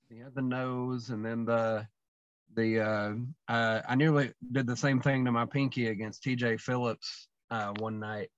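A man with a mid-range voice guests on a podcast as a wrestler, telling stories in a casual, rambling chat full of fillers and restarts. The dry recording has a dull, lo-fi sound.

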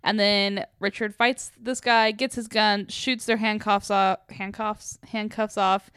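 A woman's voice: mid-range voice, fairly even intonation, measured pace, a bit bright, smooth, dry recording, studio quality. A woman chatting casually over a video call about a film, trailing off into fillers as she talks. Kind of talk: casual chat reviewing a film.

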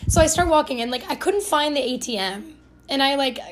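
Speaking fairly quickly in a high-pitched, expressive voice, this podcast host from Ohio, a young woman, spins a casual, meandering story that pokes fun at herself, correcting herself often and saying "like" constantly.

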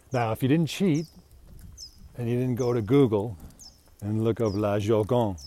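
A man's voice: medium pitch, takes it slowly, long pauses, mellow. A middle-aged man casually telling a rambling, self-deprecating personal anecdote, chuckling between lines. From United States. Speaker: storyteller.

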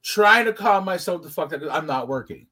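Husky, high-voiced man telling a wild story. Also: brisk. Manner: animated, profane, punchy storytelling. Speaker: podcast co-host telling a story. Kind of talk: casual storytelling chat.

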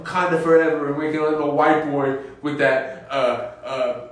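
A man's voice: fairly high pitch, fairly even intonation, normal speed. A man co-hosting a podcast, joking bluntly and bantering with mock outrage. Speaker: podcast co-host. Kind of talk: casual wrestling review chat. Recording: very echoey room, a bit off-mic.

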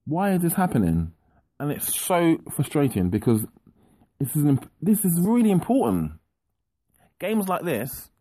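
A man's voice: mid-range voice, dark tone, dry recording. A man co-hosting a football podcast, venting in an exasperated, repetitive rant. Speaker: podcast co-host.

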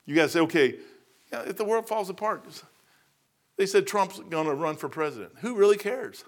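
A middle-aged man preaching a sermon in a folksy, animated way, building to emphatic high peaks. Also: fairly quick.

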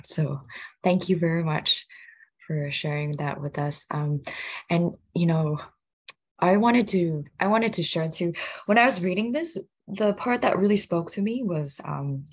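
Husky low-voiced woman host, reflective. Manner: warm, reflective, halting with fillers. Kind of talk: casual chat.

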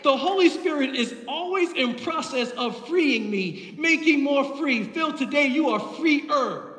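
Male pastor, very high voice, passionate repetitive preaching, roomy church echo. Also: expressive, unhurried, a bit bright. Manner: impassioned, builds with repeated phrases. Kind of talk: sermon. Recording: echoey hall from far off.

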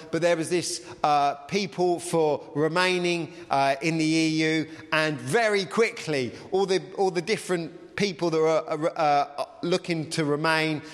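Male preacher, casual halting delivery, somewhat high voice, long hall reverb. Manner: chatty, with frequent ums and uhs. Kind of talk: sermon with a read-aloud story.

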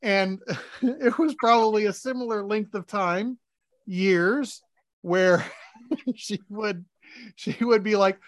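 A married man co-hosting a podcast, chatting casually and telling animated stories where he acts out domestic arguments. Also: high voice, unhurried, dry recording, clean studio sound. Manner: animated storytelling, acting out arguments. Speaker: podcast co-host. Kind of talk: casual chat.

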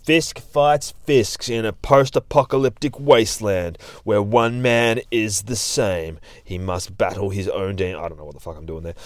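A man's voice: lowish voice, moderate pace, hardly any pauses, no echo. A man, hosting a show and recapping a comic in a rambling, heavily profane, casual way. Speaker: comic review host.

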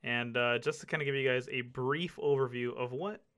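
A man's voice: mid-range voice, moderate pace, a bit bright. A man hosting a podcast in casual chat, hyped, jokey and chatty. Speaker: podcast host.

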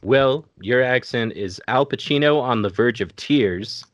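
A man's voice: medium pitch, unhurried, no echo, highs cut off. A man hosting a casual comedy podcast, wryly handing out prompts and points. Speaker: podcast host running a game.

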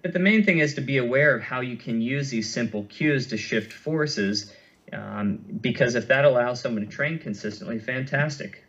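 A man's voice: mid-range voice, normal speed, a bit bright. Man explaining, muffled lo-fi audio. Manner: thoughtful, many fillers and restarts. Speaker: running injury clinician, guest. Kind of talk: conversational expert explanation.

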